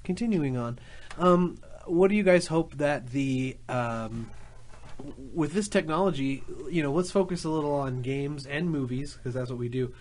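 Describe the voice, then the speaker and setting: A man's voice: a little high, a little mellow. Eager male radio co-host. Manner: enthusiastic, quick reactions. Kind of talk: casual radio chat.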